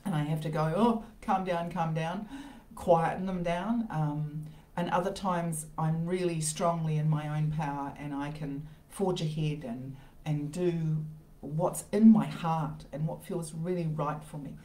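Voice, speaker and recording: A woman's voice: low-pitched, fairly even intonation, a little slow, dark tone. A woman hosting an informal motivational talk from her conservatory, rambling with restarts and asides. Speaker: host of a live self-help talk. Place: home conservatory. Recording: roomy echo of a conservatory.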